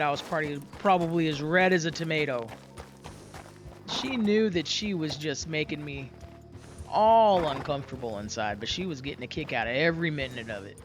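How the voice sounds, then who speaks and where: A young man casually telling a roleplay story in a folksy, rambling way with many fillers and restarts. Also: fairly high pitch.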